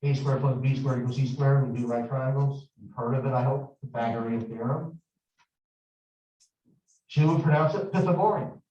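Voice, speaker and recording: A middle-aged man teaching a math class, explaining slowly and deliberately and wandering into chatty stories from his past. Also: mid-range voice, little pitch movement, dark tone. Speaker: math instructor. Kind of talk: classroom lecture. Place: large echoey classroom. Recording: echoey, distant, dull classroom recording.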